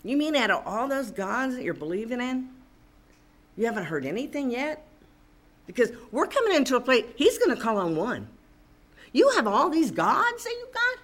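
A woman's voice: a little high, a bit bright. A woman preaching a sermon, reading scripture aloud and commenting with rising emphasis.

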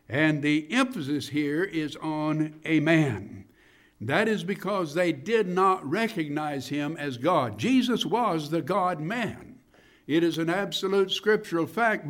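Slow, deliberate male preacher. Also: mid-range voice. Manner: slow, deliberate preaching with emphatic rises on numbered points. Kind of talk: sermon.

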